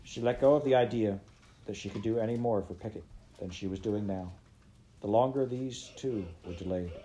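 A man reading a children's adventure novel aloud in steady, plain narration. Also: on the low side, noisy background. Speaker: reader.

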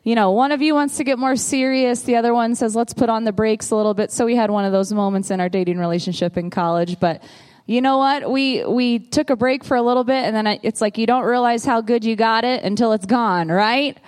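A woman in her thirties with a Southern US accent, telling her side of the story in a lively, laughing way during a sermon. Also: fairly high pitch, brisk, clean tone. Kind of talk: sermon told as a couple's story.

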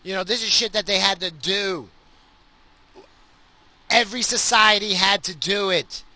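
A man's voice: sits high, unhurried, sharp tone, no echo. A middle-aged man ranting crudely in a profane solo monologue, recorded in his car while he drives. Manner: crude, heated and sweary, with frequent restarts. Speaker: solo podcaster.

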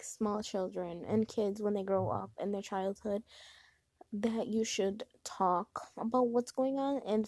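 A woman's voice: a little high, warm tone, no room sound. A young woman vlogger giving casual advice in a chatty, rambling way with lots of fillers. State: hiccups.

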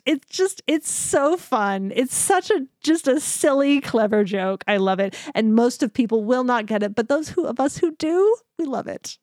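A woman co-hosting a podcast, chatting casually and gushing enthusiastically with quick asides. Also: high-pitched, a little mellow, no room sound, clean studio sound. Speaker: podcast co-host. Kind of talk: casual chat.

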